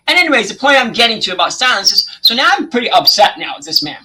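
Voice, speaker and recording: Bright-voiced man telling stories, emphatic. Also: high voice, big pitch swings, rough recording. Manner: storytelling, drawn-out emphasis, frequent "okay?". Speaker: podcast co-host. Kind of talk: casual podcast chat.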